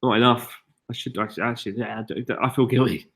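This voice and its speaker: A man's voice: mid-range voice, quick pace, vocal fry, a bit bright. Chatty British man hosting a live Q&A. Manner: chatty, self-mocking, reads viewer questions aloud. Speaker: YouTube host answering viewer questions. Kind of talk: casual live-stream chat. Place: log cabin on a mountain.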